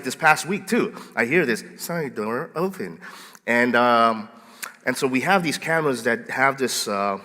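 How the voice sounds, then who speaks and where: Bright-voiced playful male pastor. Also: mid-range voice, big-room sound. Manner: playful, animated storyteller who acts out scenes. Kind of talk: sermon with storytelling. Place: church sanctuary.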